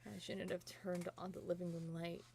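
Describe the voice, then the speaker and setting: A woman voicing a hushed tomboy filly. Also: on the low side, flat delivery, moderate pace, gravelly, slight background noise, pitched below the performer's own voice. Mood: hushed dread. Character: tough tomboy filly telling a scary story.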